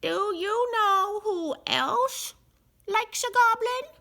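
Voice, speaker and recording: A woman voicing an excited crowd of small cave goblins in a read-aloud storybook, with a squeaky, eager tone. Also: drawn-out words, vocal fry, exaggerated voice.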